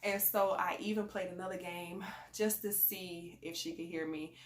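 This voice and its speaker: Woman, low-ish voice, chatty vlog talk, rambling, echoey room. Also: steady tone, moderate pace. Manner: chatty and conversational, rambling with fillers. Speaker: parent sharing advice on a channel. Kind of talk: casual advice vlog.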